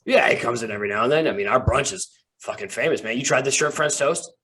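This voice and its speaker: A man's voice: mid-range voice, fast, bright, forceful tone, natural voice. A man voicing a grumpy male sailor drinking in a tavern, who talks bluntly and crudely. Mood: gossipy.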